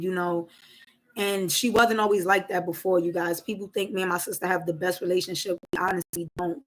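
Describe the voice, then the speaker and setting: A woman's voice: mid-range voice, poor audio. A woman hosting a casual live stream, talking emotionally and candidly and swearing freely.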